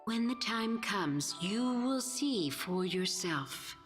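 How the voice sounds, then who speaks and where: A woman's voice: mid-range voice, expressive, slow, faint music behind. An actress voicing a mysterious disembodied woman who speaks in cryptic, ominous words in a game.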